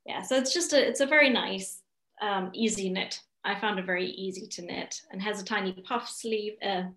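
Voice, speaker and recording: Bright-voiced German-born woman, roomy echo. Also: mid-range voice, normal speed. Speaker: guest knitter. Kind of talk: casual video chat.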